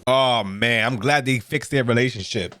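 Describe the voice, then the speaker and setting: A man's voice: medium pitch, normal speed, sharp tone, faint music behind. A man hosting a reaction video, talking casually and often breaking into exclamations. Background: show audio playing.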